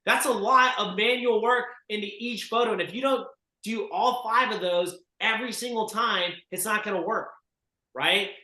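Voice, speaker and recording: A man coaching real estate agents in a group session, forceful and emphatic as he urges them on. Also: high voice, normal speed, echoey room, rough recording. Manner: forceful and emphatic, urging listeners on.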